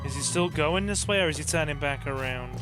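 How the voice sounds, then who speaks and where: A man chatting casually to viewers while streaming a game, rambling warmly and bursting into excited cheers. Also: fairly high pitch, a little fast, music in the background. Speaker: gaming streamer. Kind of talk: casual live-stream chat over gameplay.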